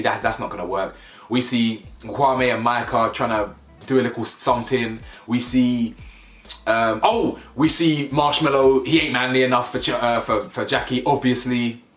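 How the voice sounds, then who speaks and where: A young man with a medium-pitched, slightly bright voice reviews a reality show in an emphatic, slangy rant, repeating words for emphasis. He's in an echoey room with faint music.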